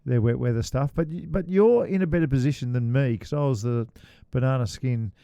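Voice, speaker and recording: A man's voice: medium pitch, creaky, dark tone, smooth, no echo. A man co-hosting a golf podcast, chatting casually and joking with his co-host. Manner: chatty, joking, quick asides.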